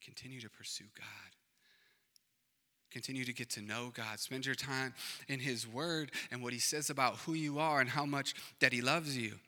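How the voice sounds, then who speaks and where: A male pastor preaching a sermon, swinging between loud emphatic declarations and hushed, quiet passages. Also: medium pitch, steady tone, moderate pace. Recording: long reverb of a large hall.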